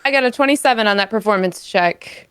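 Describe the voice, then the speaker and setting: A woman playing a tabletop game who tells her moves slowly and giggles between lines. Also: medium pitch, fairly bright tone, clean tone. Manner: slow, giggly storytelling. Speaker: player.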